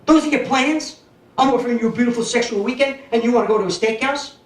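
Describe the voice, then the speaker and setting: A man voicing a shrill, angry woman scolding on the phone, in a roomy comedy club. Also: fast talker. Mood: indignant. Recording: roomy club sound from a distant mic, crowd noise.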